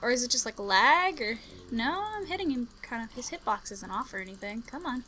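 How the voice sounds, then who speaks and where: High bright young woman gamer. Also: animated, normal speed, slight background noise. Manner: chatty, jumpy, mutters to herself, bursts into panicked yelling. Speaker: gaming commentator. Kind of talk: casual gameplay commentary.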